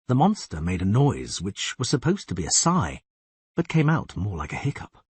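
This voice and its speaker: Male narrator, husky, expressive rise and fall, measured storytelling for an audiobook. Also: lowish voice, no echo. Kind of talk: scripted narration.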